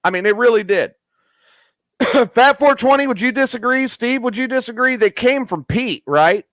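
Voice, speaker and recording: Excitable, raunchy man hosting a show. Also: extremely high pitch, normal speed, no echo. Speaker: host. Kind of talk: casual crude live-show chat.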